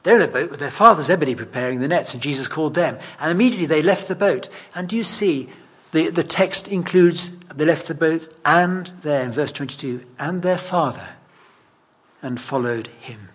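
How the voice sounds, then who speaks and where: A man's voice: on the high side, normal speed, fairly bright tone, breathy edge. A man preaching a sermon in a conversational, emphatic, self-deprecating way.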